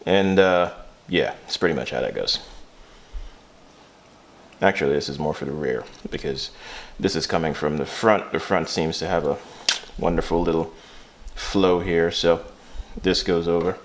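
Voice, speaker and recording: A man's voice: deep voice, moderate pace, pauses often, a little hiss or hum. A man hosting a casual car repair vlog, rambling and joking at himself while he works in a garage. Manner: joking, rambling, self-mocking. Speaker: channel host.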